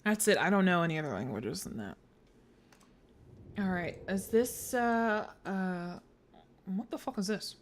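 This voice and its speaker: A woman's voice: fairly low pitch, expressive, measured pace, long pauses. A woman streamer giving let's play commentary, thinking aloud through puzzles, swearing freely and joking around. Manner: playful, jokes between puzzles.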